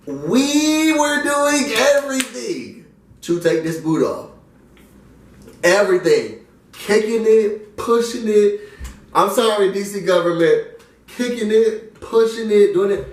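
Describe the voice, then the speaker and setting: This New York vlogger is a young man with a high voice who speaks slowly. Casual and lively, he acts out the other characters' lines as he tells his story, recorded in a roomy space from a distant mic.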